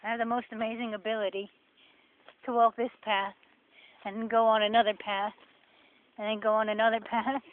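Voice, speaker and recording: A woman's voice: fairly high pitch, level tone, a little fast, pauses often. A woman with a New Jersey accent, rambling sarcastically in a casual vlog while walking a forest path. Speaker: vlogger. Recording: tinny phone-like sound with faint noise.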